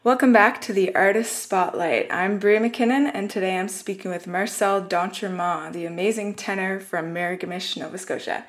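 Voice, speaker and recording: A woman's voice: medium pitch, normal speed, few pauses. A woman hosting an arts radio show, introducing a guest and asking friendly, upbeat questions.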